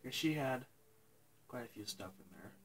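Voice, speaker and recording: A young man telling a painful personal story to his viewers, halting and tearful, pausing and restarting as he cries. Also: mid-range voice, expressive, noisy background. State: crying. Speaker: vlogger. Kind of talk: emotional personal story to camera.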